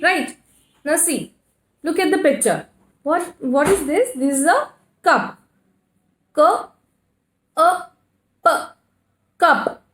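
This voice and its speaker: A woman's voice: high-pitched, big pitch swings, a bit bright. A woman with an Indian English accent teaching a kindergarten phonics lesson, spelling words out letter by letter and answering her own questions. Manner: slow, spells letters one by one, asks and answers herself. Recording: echoey room.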